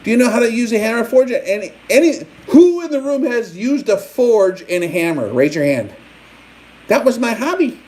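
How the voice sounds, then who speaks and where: A man's voice: extremely high pitch, big pitch swings, moderate pace, a little mellow, rough recording. A man hosting a live stream, rambling and mock-taunting his audience with rhetorical questions. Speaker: livestream host.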